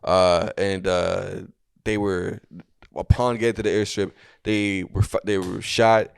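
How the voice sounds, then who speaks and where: A man's voice: low voice, level tone, a little slow, gravelly, smooth. A young man co-hosting a comedy podcast, telling a story casually with many fillers and restarts. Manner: rambling, lots of fillers and restarts.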